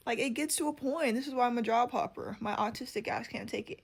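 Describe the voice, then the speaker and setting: A woman's voice: fairly high pitch, fast talker, creaky, few pauses, slightly rough. A woman ranting to camera about work, blunt, irritated and profane. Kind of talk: rant to camera.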